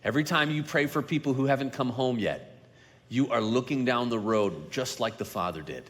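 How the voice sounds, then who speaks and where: A male pastor preaching a sermon, slowing down and dropping to a hush for emphasis, then building up louder on key points. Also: mid-range voice. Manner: dynamic delivery, slowing and dropping quiet for emphasis. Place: large church sanctuary. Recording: long reverb of a large hall.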